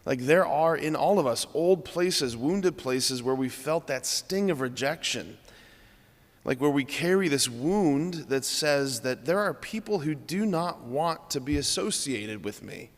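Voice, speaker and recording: A man's voice: a little high, expressive, a little slow, long reverb tail. A man, a Catholic priest, giving an earnest, conversational homily in a church.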